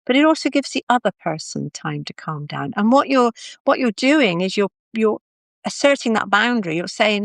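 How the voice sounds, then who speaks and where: A woman giving a calm, practical talk on a live video, explaining things step by step. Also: medium pitch, moderate pace, gravelly, no echo. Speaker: confidence speaker.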